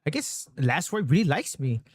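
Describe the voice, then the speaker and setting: A man streaming a game, chatting casually with his viewers, swearing constantly and getting excited over his pulls. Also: a little high, moderate pace, breathy edge, no room sound. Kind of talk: casual gaming stream chat.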